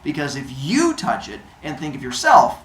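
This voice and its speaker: A man voicing a sly, smooth-talking male centaur in a casual, persuasive way, as he tells a story to a class. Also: a little high, huge pitch swings, moderate pace, fairly bright tone, reverberant, slight background noise.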